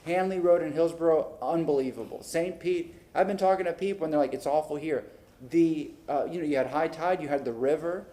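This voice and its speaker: The voice is fairly high and brisk: a man on the city council venting at a public meeting. He animatedly reenacts conversations into the desk mic of the council chamber.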